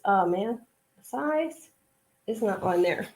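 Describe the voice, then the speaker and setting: A woman's voice: mid-range voice, animated, takes it slowly, a little mellow. Chatty woman rambling through a live stream. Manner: chatty and rambling, with many "like" fillers. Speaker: online reseller hosting a live stream. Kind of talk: casual live-stream chat while sorting items. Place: at home, sorting a pile of clothes.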